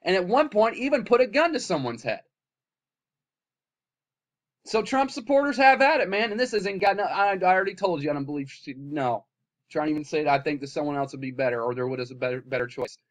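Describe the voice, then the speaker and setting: A man with a slightly high voice delivers an impassioned rant straight to his own camera. He swings from loud, heated outbursts down to low, weary muttering, profanity and all. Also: animated, a little fast. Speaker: vlogger.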